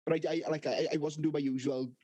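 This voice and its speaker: A man's voice: on the high side, fairly even intonation, fast talker, warm tone, dry recording. A man co-hosting a podcast, jokey and laughing in casual chat. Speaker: podcast co-host.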